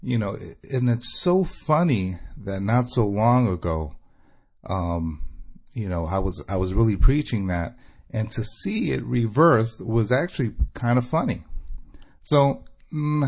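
A man's voice: mid-range voice, expressive, measured pace, darkish tone. A man from Michigan calling into a podcast, telling a sarcastic story. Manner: chatty, sarcastic. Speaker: caller leaving a voicemail.

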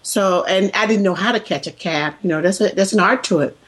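A woman from the American South with a softened Southern accent, chatting as a podcast co-host, hesitant with fillers and quick to laugh. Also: mid-range voice, husky, poor audio. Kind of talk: casual chat.

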